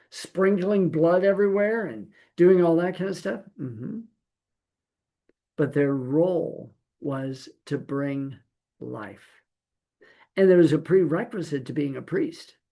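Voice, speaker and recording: Middle-aged male Torah teacher, gravelly, animated sermon delivery, slips into quoted voices. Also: fairly high pitch.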